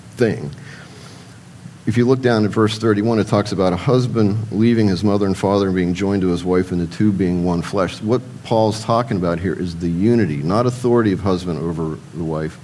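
A low-pitched man preaches in an easygoing, conversational way. He poses rhetorical questions and answers them himself, and at times turns to speak straight to the men listening. A faint noise sits under the recording. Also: a little fast, a little mellow, poor audio. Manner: addresses the men in the audience directly. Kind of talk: sermon.

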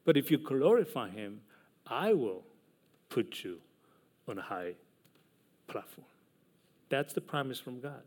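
Male pastor, unhurried sermon delivery with loud emphatic peaks and hushed asides; mid-pitched voice. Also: big pitch swings.

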